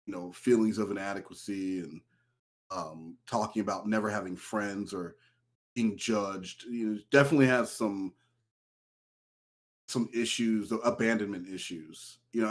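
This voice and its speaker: A man telling a long story in casual podcast chat, turning animated whenever he quotes someone. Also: on the low side. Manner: storytelling, animated when quoting an ex. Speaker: podcast guest.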